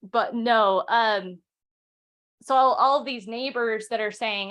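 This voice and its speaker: A young woman hosting a casual history talk at a home setup, chatty and quick, with fillers and restarts, reading quotes aloud. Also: mid-range voice, a bit bright. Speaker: podcast host.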